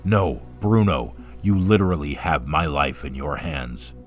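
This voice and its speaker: A man's voice: very animated, measured pace, soft background music, full character voice. A man reading aloud, voicing an anxious young woman who hates heights, in a raised, pleading tone. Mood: panicky. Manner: higher, pleading and panicky.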